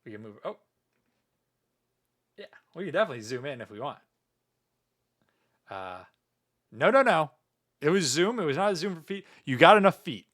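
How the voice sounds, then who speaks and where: A man talking casually on a livestream, his fairly high voice swinging up and down a lot. He rambles and jokes as he rants. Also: very animated, normal speed, long pauses, fairly bright tone. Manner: joking, rambling, tacking "meow" onto sentences. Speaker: streamer.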